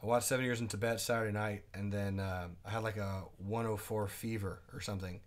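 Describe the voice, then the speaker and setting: A man teaching a live day trading class, chatting casually, asking his viewers quick questions and reading out their comments. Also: fairly low pitch, fairly even intonation. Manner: asks quick questions to the audience.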